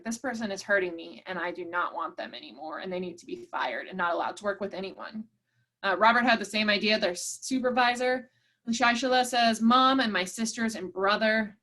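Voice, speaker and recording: A woman's voice: a little high, fairly bright tone. Upbeat woman leading an online workshop. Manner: upbeat, encouraging, says "y'all" often. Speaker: workshop facilitator. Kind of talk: online workshop, reading chat replies.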